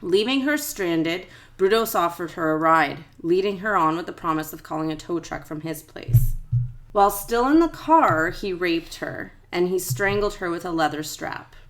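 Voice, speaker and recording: A woman's voice: fairly low pitch, expressive, moderate pace. A woman co-hosting a true crime podcast, reading the case facts steadily from her notes. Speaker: podcast co-host.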